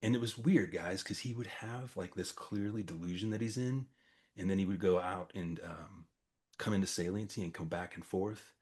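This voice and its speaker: Man, forties, deep voice, husky, casual storyteller, acts out quotes. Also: normal speed, a little mellow. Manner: conversational, acts out quoted dialogue, frequent fillers. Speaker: storyteller recounting a campus crisis. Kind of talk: casual spoken storytelling to a small audience.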